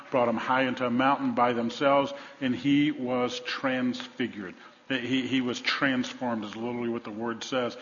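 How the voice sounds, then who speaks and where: A male pastor preaching a sermon, telling stories and swinging from loud emphasis to hushed tones. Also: medium pitch. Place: large church sanctuary. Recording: dull sound, long hall reverb.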